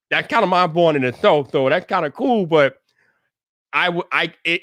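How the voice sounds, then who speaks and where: A man hosting his own livestream, talking to viewers in an animated, emphatic way and repeating words when he gets worked up. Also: a little high, no room sound. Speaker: livestream host. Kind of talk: livestream rant.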